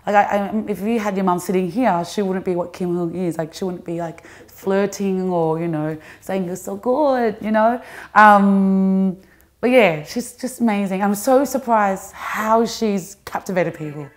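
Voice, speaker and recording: An actress and comedian talking casually and animatedly in an interview, with quick restarts. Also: female voice, medium pitch. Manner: animated, restarts, laughs often.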